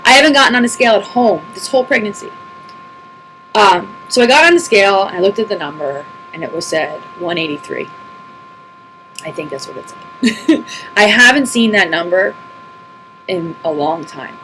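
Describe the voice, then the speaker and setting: A woman's voice: mid-range voice, expressive, normal speed, pauses often, fairly bright tone, slight background noise, low-quality recording. A woman in her thirties, talking casually to her computer at home as she answers viewer questions, rambling and laughing often. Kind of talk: casual chat to camera. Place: empty house, alone at a computer. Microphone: computer mic.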